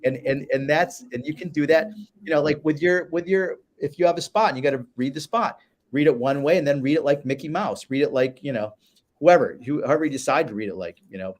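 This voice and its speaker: A man's voice: fairly high pitch, fairly quick. A man, a business advisor guest, talking enthusiastically in a casual chat and repeating words as he starts.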